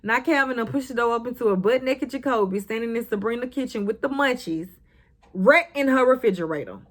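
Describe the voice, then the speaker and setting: A woman's voice: fairly high pitch, brisk. A young woman recapping a TV episode in a casual, sassy, blunt way, swearing and talking back to the characters. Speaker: recap vlogger.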